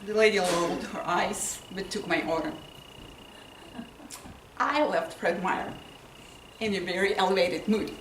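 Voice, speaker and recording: A woman whose first language is not English gives a humorous speech to an audience, telling her story with lively delivery and acting out lines. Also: medium pitch, measured pace, long pauses. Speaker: contest speaker. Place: indoor meeting room with audience. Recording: roomy, distant, with noise and audience laughter.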